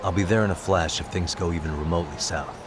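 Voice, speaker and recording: An actor playing a steady male detective who speaks calmly and reassuringly. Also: low-pitched, fast talker, background noise, lightly acted. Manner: calm, reassuring.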